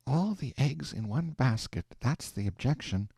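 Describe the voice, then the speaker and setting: A man reading aloud, voicing a prim, thrifty wife who speaks gently and reprovingly. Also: medium pitch, animated, measured pace, creaky, slightly rough, no room sound, pitched above the performer's own voice, heavily acted. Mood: patient.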